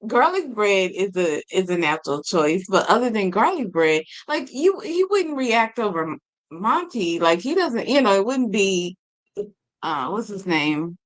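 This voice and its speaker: A woman's voice: mid-range voice, very animated, a little slow. A woman on a livestream panel, thinking aloud in a hesitant way with many fillers. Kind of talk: casual panel chat.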